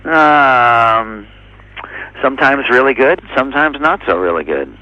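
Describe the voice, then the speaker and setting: A man being interviewed as a drummer, speaking in an easygoing, halting way with lots of fillers. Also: mid-range voice, animated, pushed and bright, no room sound, muffled recording. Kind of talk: casual interview answers.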